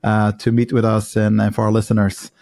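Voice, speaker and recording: A male podcast host asking questions in a hesitant, halting way, often restarting his sentences. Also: on the low side, monotone, vocal fry, a little mellow, no echo, clean studio sound. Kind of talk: casual interview.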